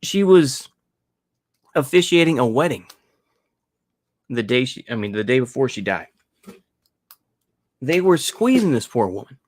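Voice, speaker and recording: A man's voice: medium pitch, very animated, measured pace, long pauses, no room sound. A man giving a casual opinion monologue as a podcast host, rambling with many fillers and restarts and sarcastic mocking asides.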